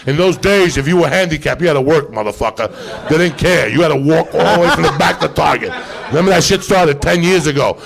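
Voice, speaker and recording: A man hosting a live podcast, telling rowdy, profane stories in a loud, animated way. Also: on the high side, a little fast, gravelly, hardly any pauses. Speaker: podcast host.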